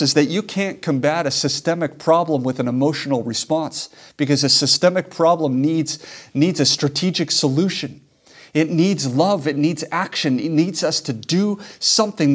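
A man preaching a sermon as a pastor, earnest and emphatic, repeating key lines for weight. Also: fairly high pitch.

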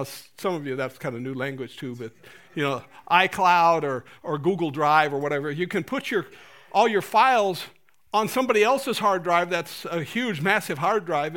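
A man delivers a sermon with a high, bright voice. He is animated and jokes with the congregation, putting on playful voices to act out prayers. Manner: animated, laughing, acting out prayers in funny voices. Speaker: pastor.

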